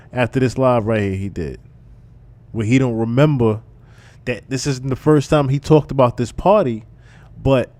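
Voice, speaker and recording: A man's voice: mid-range voice, a little mellow. A man hosting a live stream, commenting casually on a clip in a loose, emphatic way that repeats phrases.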